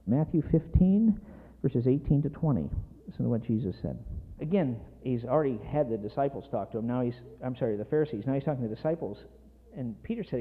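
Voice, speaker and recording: A man's voice: fairly high pitch, lively intonation, a little fast. A middle-aged man preaching a sermon with emphatic, passionate delivery that builds in intensity. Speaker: pastor. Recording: tinny phone-like sound in a reverberant hall.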